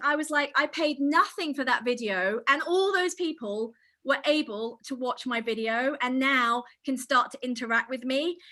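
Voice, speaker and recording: A middle-aged woman real estate agent giving an energetic online training session, speaking straight to her audience. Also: high voice. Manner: energetic, enthusiastic, addresses audience directly.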